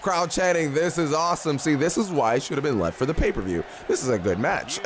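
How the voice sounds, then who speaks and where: A young man giving casual, excitable play-by-play commentary on a video game, talking slangily to the characters on screen. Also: a little high, brisk, slight background noise. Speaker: gaming YouTuber.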